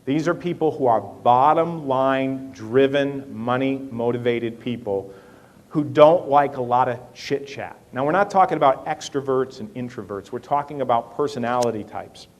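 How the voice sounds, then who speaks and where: A middle-aged man leads a workshop, telling little stories as he goes. He talks fast, then slows right down to make a point, his pitch moving freely. His voice sits in an ordinary middle register. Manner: lively storytelling presenter, fast with sudden slow stretches. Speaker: workshop speaker. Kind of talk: workshop talk on personality types.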